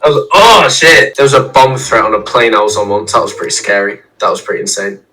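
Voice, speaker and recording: A man's voice: fairly low pitch, fairly even intonation, fast talker, a bit bright, low-quality recording. A man chatting with a stranger on a video call, telling stories in a laid-back, offhand, understated way. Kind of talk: casual storytelling.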